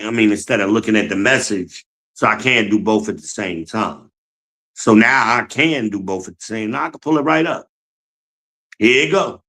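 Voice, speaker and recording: A podcast host talks by himself in a lowish, somewhat bright voice, captured on a low-quality recording. The talk is loose and blunt: he swears while venting, rambles, and keeps repeating himself.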